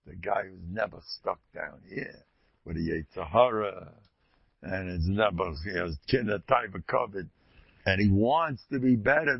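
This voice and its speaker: A man's voice: fairly low pitch, gravelly, husky, dry recording. A man giving an emphatic Torah sermon as a rabbi, retelling stories and repeating key lines for weight. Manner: emphatic, repetitive storytelling. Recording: dull lo-fi recording.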